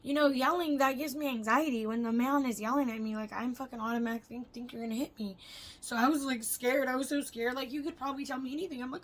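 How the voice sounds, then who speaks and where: Talking fast in a high voice, a young adult woman rambles through a personal vlog. Fillers crop up constantly, and she swears without hesitation.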